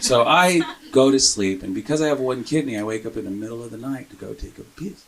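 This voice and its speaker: A man doing a stand-up comedy set on a club stage, telling a story and building to loud shouted punchlines. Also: mid-range voice, big pitch swings, fairly quick, creaky, few pauses. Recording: live club set with crowd. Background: audience laughing.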